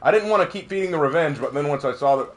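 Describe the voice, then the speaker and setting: A male game streamer talks through his matches in casual, chatty commentary. His voice sits a little high for a man. He laughs often and tells stories with energy. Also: lively intonation, racing.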